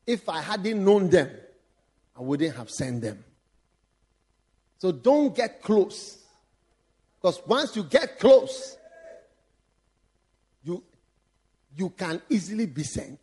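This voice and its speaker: A man preaching a sermon as a bishop, animated, breaking into laughs and shouts for emphasis. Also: sits high, slow pace, long pauses.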